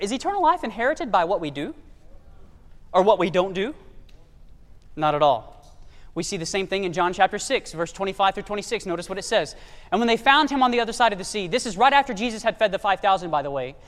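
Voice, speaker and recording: A man with a strikingly high voice preaches an emphatic sermon. He keeps turning questions back to the congregation. His voice rings out with the long reverb of a big church hall.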